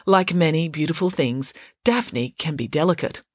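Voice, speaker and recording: A woman author reading her children's mystery story aloud for a podcast, clear and expressive. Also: low-pitched, normal speed, no echo, clean studio sound. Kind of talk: storybook narration.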